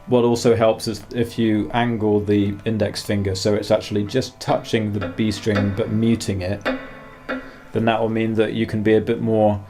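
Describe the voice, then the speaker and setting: A man giving a guitar masterclass, calmly explaining practice exercises and counting beats aloud between demonstrations. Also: on the low side, moderate pace. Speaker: guitar teacher. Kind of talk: masterclass instruction. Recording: faint guitar music behind. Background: guitar playing.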